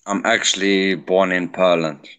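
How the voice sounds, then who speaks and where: South African man, very low voice, slow easygoing chat. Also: little pitch movement, a bit bright, smooth. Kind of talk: casual voice chat.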